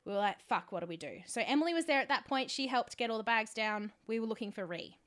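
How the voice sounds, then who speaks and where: A woman co-hosting a podcast, telling a story in casual chat with animated, swearing outbursts and laughter. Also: a little high, fast talker. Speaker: podcast co-host.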